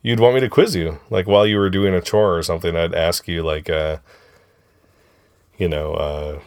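A man's voice: sits low, steady tone, moderate pace, darkish tone, no room sound, studio quality. A middle-aged man hosting a casual family podcast with his kids, laughing often and joking loosely. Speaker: podcast host and father.

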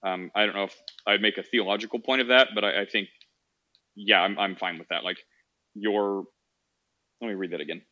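A man's voice: fairly low pitch, fairly even intonation, a little fast, pauses often, sharp tone, dull audio. A man hosting a casual call-in podcast, talking in a rambling way with many fillers and restarts. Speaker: podcast host.

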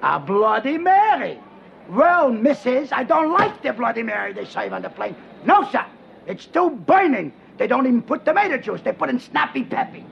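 An actor playing a loud, cranky old man in disguise who complains and shouts in a film comedy. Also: extremely high pitch, sing-song, normal speed, creaky, exaggerated voice. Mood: complaining. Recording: dull film audio with faint noise.

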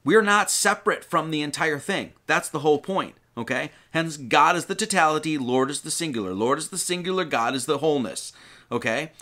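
Male preacher, lively bright delivery, sermon teaching with rhetorical questions. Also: fairly high pitch, brisk. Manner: animated teaching, rhetorical questions, quoting scripture.

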